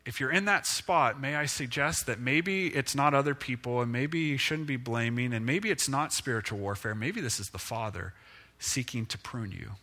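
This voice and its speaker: A male pastor giving a conversational, self-deprecating sermon with lively rises and falls in pitch. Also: moderate pace.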